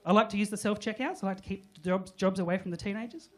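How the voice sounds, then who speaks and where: A woman on a comedy club stage, telling a long story in a dry, sweary, matter-of-fact way. Her voice sits at an ordinary medium pitch. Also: quick pace. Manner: dry, expletive-laced storytelling. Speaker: stand-up comedian. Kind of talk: live stand-up storytelling.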